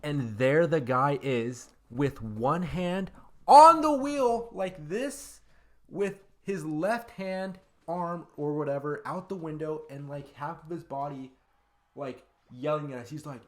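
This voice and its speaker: A man's voice: on the high side, takes it slowly. A man telling a funny personal story in a casual, rambling way, full of fillers, over game footage. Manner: rambling, filler-heavy, animated. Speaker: gaming YouTuber.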